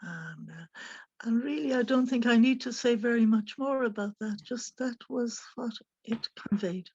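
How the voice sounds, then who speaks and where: A woman's voice: on the high side, normal speed, darkish tone, slightly rough, dry recording, highs cut off. A woman taking part in an online discussion, speaking briefly and hesitantly. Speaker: participant.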